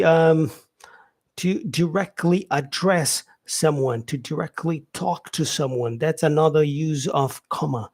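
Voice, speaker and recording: A man teaching an English grammar lesson in a casual way, repeating example sentences and filling pauses with "yeah" and "um". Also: fairly high pitch, darkish tone.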